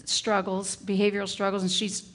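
A middle-aged woman, a teacher, giving a parenting talk and acting out calm, firm example phrases. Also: mid-range voice, normal speed.

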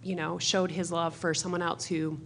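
A woman's voice: on the low side, flat delivery, normal speed, creaky, slight background noise. A woman in the audience, a mother, earnestly telling a story about her family with many fillers. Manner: earnest, many fillers, mimics children's voices.

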